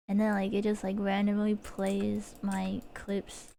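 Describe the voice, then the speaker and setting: A woman's voice: mid-range voice, monotone, measured pace, creaky, mellow, slight background noise. A woman streamer chatting casually, rambling and giggling, with lots of fillers and restarts. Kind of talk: casual chat while streaming. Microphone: desk mic.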